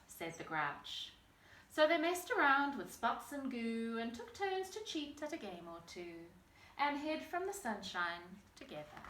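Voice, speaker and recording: A woman teacher reads a picture book aloud to small children in a lively, animated voice. Her tone is bright and fairly high, and the room adds a strong echo. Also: slight background noise. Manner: expressive, animated storytelling. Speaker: teacher reading a story.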